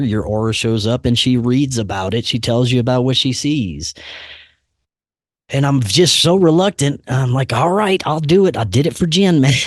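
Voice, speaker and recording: A man telling a personal story in casual chat, laid-back and saying "man" and "dude" a lot, doing animated voices for the people he quotes. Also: medium pitch, no room sound, studio quality.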